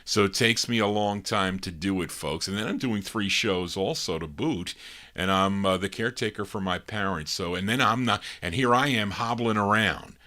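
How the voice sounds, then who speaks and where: A middle-aged man hosts a record show from home in a fairly low voice. His tone is bright and forceful. He talks in casual, rambling patter, piling on label names, dates and listener requests between songs. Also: moderate pace. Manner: chatty, rambling, piles on record-label and date details. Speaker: radio-style record show host.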